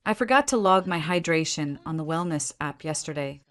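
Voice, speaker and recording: A woman's voice: low-pitched, lively intonation, brisk, fairly bright tone. A woman reading as an anxious young wife. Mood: distressed.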